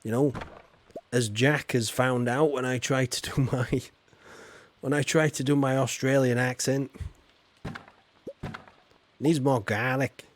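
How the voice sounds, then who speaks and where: Streaming a game, a Yorkshire-accented man talks in a medium-pitched, fairly even, unhurried voice. Chatty and self-deprecating, he reads viewers' chat aloud as he goes.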